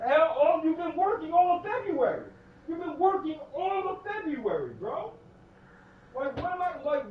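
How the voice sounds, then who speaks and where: Very high-voiced, angry profane man. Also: dull audio, slight background noise. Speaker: streamer. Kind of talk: heated phone argument during a stream.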